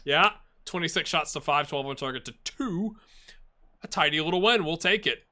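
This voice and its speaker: With a voice on the high side and a moderate pace, a man comments on his football management game playthrough. He turns excited and chats with his virtual players.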